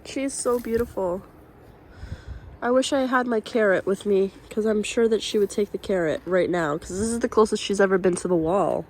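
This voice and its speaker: A woman's voice: medium pitch, normal speed, a little mellow, a little hiss or hum, rough recording. A woman vlogger chatting casually and playfully on a handheld phone, outdoors on a seaside cliff. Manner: chatty, playful, talks to her dog. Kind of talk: casual vlog narration.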